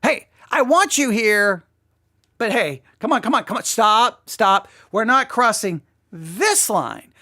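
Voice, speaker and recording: A woman's voice: a little high, lively intonation, slow pace, pushed and bright, no echo, studio quality, heavily acted. A woman acting out a careless, selfish lover who talks to a partner in a dismissive, offhand way.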